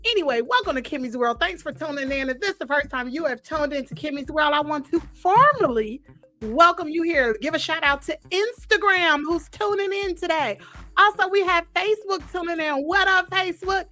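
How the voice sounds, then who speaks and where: A woman hosting a casual live-stream chat. She talks straight to her viewers with drawn-out exclamations and emphatic repeats. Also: very high voice, pushed and bright, soft background music. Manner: chatty, addresses viewers directly and calls them girl and y'all. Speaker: host of a live gossip stream.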